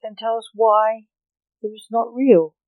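A fussy, short-tempered man in a lab coat, always irritated by mess, as a reader puts him on. He talks slowly in a plain, dry voice of middle pitch. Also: level tone, no room sound, narrow, tinny audio, natural voice. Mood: irritable. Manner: angry, fussy.

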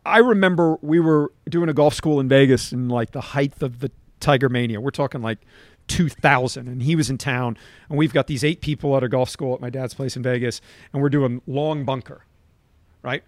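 A man's voice: medium pitch, normal speed, no room sound. A middle-aged man, a golf coach on a podcast, telling stories emphatically and checking in with "right?". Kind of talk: animated anecdote-telling in conversation.

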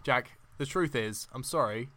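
Bright-voiced young man, casual podcast chat. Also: mid-range voice, measured pace, dry recording. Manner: laughs often, repeats words when arguing. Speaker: podcast co-host.

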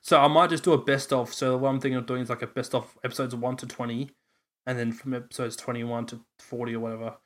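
A man's voice: medium pitch, little pitch movement, fast. A young Australian man co-hosting a podcast, chatting casually, rambling and laughing often. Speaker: podcast co-host. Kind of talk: casual chat.

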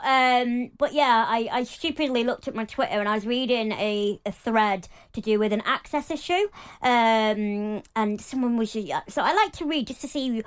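A young woman talking openly as an interview guest, chatty and animated, with lots of fillers. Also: on the high side, smooth. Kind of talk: casual interview talk.

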